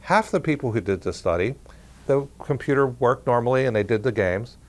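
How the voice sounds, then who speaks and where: A man at a middle pitch tells of his research to an audience. His talk is easygoing and conversational, with the odd restart, and he plays out the lines of the people in his story. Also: lively intonation, brisk. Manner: conversational, acts out quoted dialogue. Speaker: parapsychology researcher.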